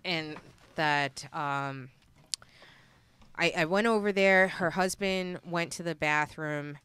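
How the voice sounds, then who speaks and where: A woman's voice: deep voice, slow pace, fairly bright tone, clean tone. A woman comic telling a story in casual podcast chat, rambling with many fillers and acting out quoted voices. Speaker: stand-up comic and podcast guest.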